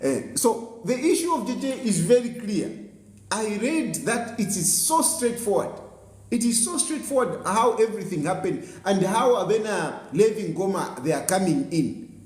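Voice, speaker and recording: A Zambian man delivers a heated political monologue, scolding and repeating himself for weight. His voice sits high and moves a lot. The room is echoey. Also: very animated, normal speed, darkish tone. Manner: combative, scolding, repeats phrases for emphasis. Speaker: political commentator host. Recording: roomy echo.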